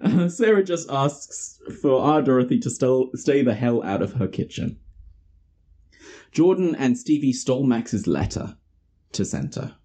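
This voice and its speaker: A man's voice: mid-range voice, a little slow, husky. A man hosting a podcast, recapping a film in casual chat, laughing often and acting out the characters' lines. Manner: lively, laughing, acts out quotes from the film. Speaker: podcast host.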